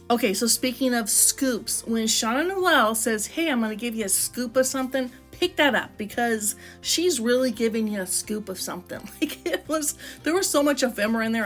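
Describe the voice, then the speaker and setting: A woman vlogger chatting enthusiastically as she flips through her craft book and shows how she puts pages together. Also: on the high side. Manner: chatty and enthusiastic, lots of "I love" and "like". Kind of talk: casual craft flip-through chat.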